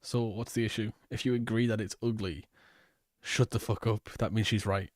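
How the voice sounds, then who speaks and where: Man, lowish voice, dry close mic, blunt sarcastic reaction commentary, profane. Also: steady tone, normal speed, no room sound.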